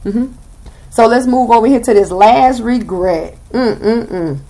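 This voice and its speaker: A woman's voice: a little high, slow, mellow. A young woman with a Southern US accent giving a blunt, sassy tarot reading and swearing freely. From Southern United States. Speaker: tarot reader.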